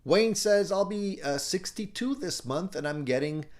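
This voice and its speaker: An upbeat middle-aged man hosts a casual live stream, reading out viewer comments and cheering the viewers on. His voice sits a little high for a man, and he chuckles easily between remarks. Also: animated, unhurried. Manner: upbeat, encouraging, chuckles often. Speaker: live show host.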